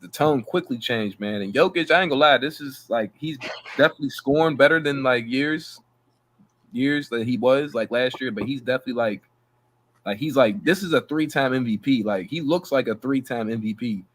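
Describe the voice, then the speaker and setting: A man co-hosting a basketball podcast, talking in animated casual slang and laughing often. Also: mid-range voice, brisk. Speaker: podcast co-host. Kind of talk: casual sports chat.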